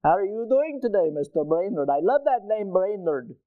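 A man doing the voice of a friendly male doctor with an Egyptian accent, teasing in a high sing-song way. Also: sing-song, moderate pace, dry recording, phone-quality sound. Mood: playful. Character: friendly cheerful male doctor, middle-aged.

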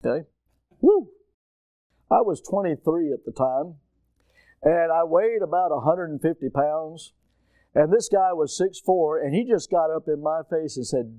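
Telling a personal story from the pulpit, a middle-aged man preaches animatedly at a moderate pace in a fairly high voice. He moves between hushed asides and loud, throat-straining shouts, and the audio has no echo.

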